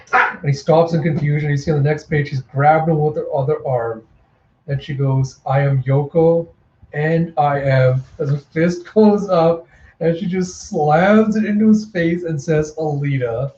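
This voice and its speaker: A man with a fairly high, mellow voice reads a comic aloud and breaks off into excited, emotional asides. The room is echoey and the sound a little dull, with faint ambience behind him. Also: a little hiss or hum. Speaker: comic readthrough host. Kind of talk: casual manga readthrough.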